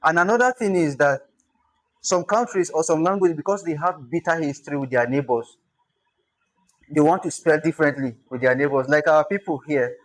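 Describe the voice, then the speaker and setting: Male instructor, slightly high voice, sounds out words and thinks aloud while teaching. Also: normal speed, low-quality recording. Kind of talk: online lesson on spelling.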